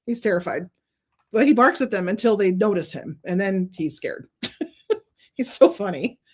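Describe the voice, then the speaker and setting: A woman's voice: medium pitch, animated, a little slow, darkish tone, slight background noise. A woman hosting a card-making stream, chatting casually and laughing often as she thinks aloud while working. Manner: gushing, openly emotional. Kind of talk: casual crafting demonstration.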